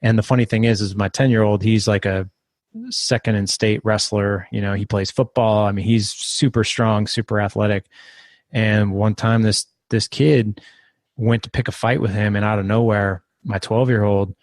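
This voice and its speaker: Low-voiced man telling a story. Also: moderate pace, no echo, clean studio sound. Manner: rambling, restarts, animated when quoting. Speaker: podcast guest. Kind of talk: casual storytelling interview.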